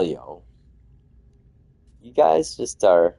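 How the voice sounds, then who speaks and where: Laid-back lower-voiced man rambling over gameplay. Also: big pitch swings, slow pace, vocal fry, long pauses, warm tone. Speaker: gaming channel host. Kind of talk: casual gameplay commentary.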